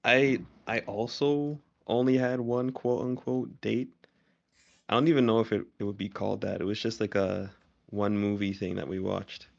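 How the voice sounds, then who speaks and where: Gravelly, low-key man on a dull mic. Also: level tone, normal speed. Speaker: podcast co-host. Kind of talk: casual podcast chat.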